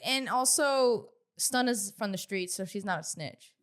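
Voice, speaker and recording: A woman's voice: medium pitch, animated, unhurried. A woman co-hosting a podcast, chiming in with laid-back remarks in a casual recap chat. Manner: laid-back, chimes in with short reactions. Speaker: podcast co-host.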